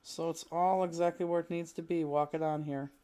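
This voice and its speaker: A woman's voice: low-pitched, level tone, a little fast, warm tone. Chatty woman hosting a live craft class. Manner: chatty, laughs often, thinks aloud while working. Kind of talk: casual live-stream chat while crafting.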